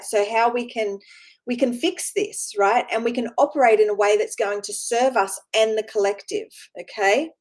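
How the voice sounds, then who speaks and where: A woman with a fairly high voice gives a loose, informal spiritual talk. She rambles, restarts and repeats herself, tagging lines with quick check-ins to her listeners. Her tone stays earnest and encouraging throughout. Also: poor audio. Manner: rambling, repeats words, keeps asking "right?". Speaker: spiritual teacher.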